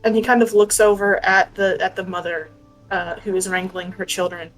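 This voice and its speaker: A woman running a tabletop game, narrating scenes loosely with plenty of hedges and restarts. Her voice sits at a medium pitch, and faint music plays in the background. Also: flat delivery, moderate pace, poor audio. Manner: loose, filler-heavy narration. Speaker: game master.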